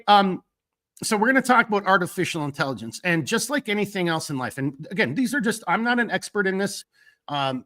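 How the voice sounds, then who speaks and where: A man with a bright, forceful voice that sits a little high for a man hosts a live stream. He talks casually and rambles, leaning on fillers as he reads out shout-outs from the chat. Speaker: host of a live stream talk show.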